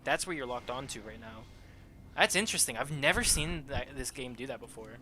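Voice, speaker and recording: Bright-voiced man guiding a friend's playthrough. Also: mid-range voice, lively intonation, fairly quick. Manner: chatty, laughs often, swears casually. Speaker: guide watching a friend play. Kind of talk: casual gaming commentary.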